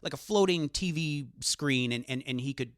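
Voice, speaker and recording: A man co-hosting a podcast, telling a story in a casual, animated way with lots of fillers and swearing. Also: mid-range voice, moderate pace, no echo, studio quality. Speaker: podcast co-host. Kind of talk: casual chat.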